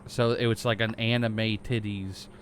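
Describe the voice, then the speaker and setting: A man's voice: on the low side, fairly even intonation, moderate pace, a little hiss or hum. A young man co-hosting a casual podcast who makes crude jokes and hesitates with many fillers. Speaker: podcast co-host. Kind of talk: casual chat.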